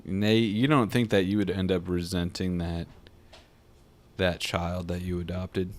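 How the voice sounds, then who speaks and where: A man with a very low voice chats casually as a podcast co-host. He riffs and jokes with his friends and drops casual swears as he goes. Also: level tone, unhurried. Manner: jokey, riffing, swears casually. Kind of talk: casual chat.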